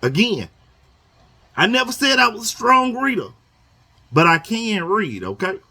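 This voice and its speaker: A man's voice: high voice, very animated, a little slow, sharp tone, slightly rough. A man speaking casually to union members in a video, emphatic and repetitive, drilling his points home with a questioning "okay?". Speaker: union organizer addressing members. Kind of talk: casual talking-head video lesson. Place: Houston area.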